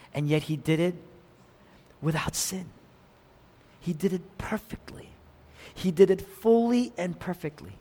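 A man preaching a sermon, swinging from loud cries down to hushed, near-whispered lines. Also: sits high, unhurried, long pauses. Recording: long hall reverb.

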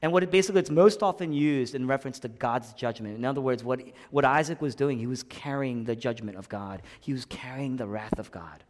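A man preaching a sermon, swinging from hushed, quiet lines to loud, impassioned ones and repeating phrases for emphasis. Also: medium pitch, a little fast, few pauses, big-room sound.

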